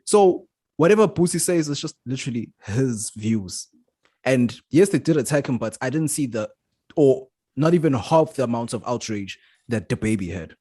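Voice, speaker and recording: Man, podcast co-host, husky mid voice, laid-back explainer, dry mic. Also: mid-range voice, animated, normal speed, warm tone, no echo. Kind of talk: casual chat.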